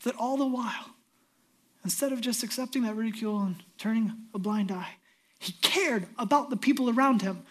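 A man's voice: extremely high pitch, normal speed. Impassioned male pastor preaching a sermon. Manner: impassioned, builds to loud emphatic peaks then drops to hushed whispers.

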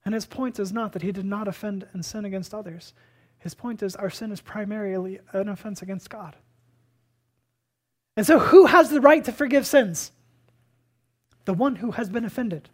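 Pastor delivering an emphatic sermon, hushed-to-loud dynamics, rhetorical questions. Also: medium pitch, moderate pace, long pauses. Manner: asks and answers rhetorical questions.

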